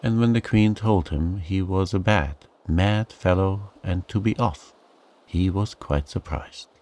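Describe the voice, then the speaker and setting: A man reading a bedtime sleep story in a calm, soothing narration. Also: sits low, measured pace.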